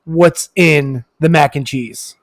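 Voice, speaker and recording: Easygoing high-voiced man chatting. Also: slow pace, no room sound. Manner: easygoing, short agreeing replies. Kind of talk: casual chat.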